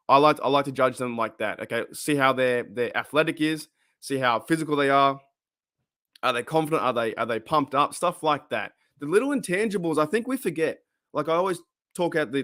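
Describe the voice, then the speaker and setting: An Australian man hosting a live sports podcast, chatting excitedly, reading viewer comments and restarting his sentences often. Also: mid-range voice, no echo, clean studio sound. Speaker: podcast host.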